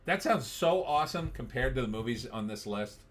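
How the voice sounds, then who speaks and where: A man's voice: mid-range voice, expressive, normal speed. A middle-aged man hosting a casual live stream, reading viewer comments aloud and riffing on them in a wry, offhand way.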